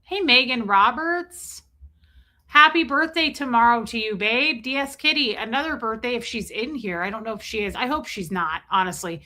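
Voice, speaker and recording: A woman's voice: a little high, moderate pace, pushed and bright. A woman hosting a casual livestream, chatting and joking as she reads out viewers' names. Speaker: livestream host.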